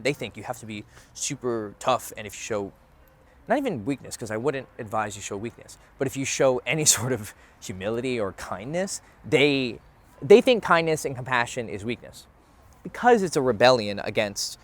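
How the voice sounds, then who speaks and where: A young man, a dating coach, talking candidly to camera outdoors in a casual, conversational way, swearing freely. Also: on the low side. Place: outdoors near a bench.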